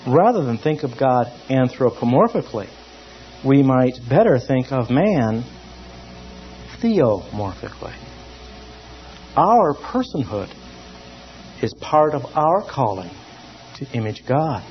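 Animated man giving a theology lecture. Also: mid-range voice, a little hiss or hum. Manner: lively and emphatic, with many pauses. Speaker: theology teacher. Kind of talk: classroom lecture. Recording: dull lo-fi recording.

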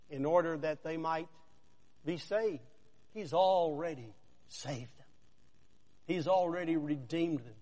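A man with a high voice preaches slowly and deliberately, leaning on single words and letting long pauses hang between phrases. He presses the listener with rhetorical questions. His voice rings through a large sanctuary with a long reverb tail. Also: darkish tone. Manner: deliberate, with dramatic pauses and swells of emphasis. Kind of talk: sermon.

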